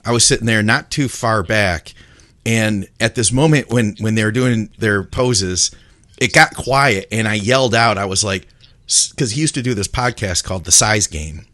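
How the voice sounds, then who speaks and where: A man co-hosting a podcast, telling a rambling, excited story in casual chat. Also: lowish voice, moderate pace, no echo. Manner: rambling, excitable, laughs often. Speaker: podcast co-host.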